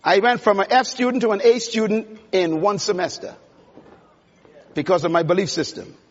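Man, conference speaker, emphatic and preacherly, very high voice, dull sound. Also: normal speed. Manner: emphatic, preacherly, addressing the audience directly. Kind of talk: motivational speech. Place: large conference hall. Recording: dull sound with long hall reverb.

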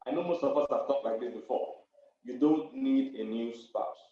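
A man's voice: medium pitch, moderate pace, warm tone, a little hiss or hum. A male pastor and counselor hammers his points home, repeating key phrases and laughing between them. His voice comes from far off the mic in a very echoey room. The sound is muffled and dull. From Africa. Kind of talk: preaching to an online audience.

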